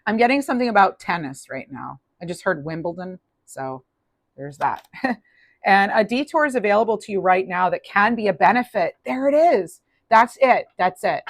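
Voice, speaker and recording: A woman's voice: medium pitch, lively intonation, moderate pace, no room sound. A woman giving a casual, upbeat tarot reading, chatty with many restarts. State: clearing throat, losing voice. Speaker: tarot reader.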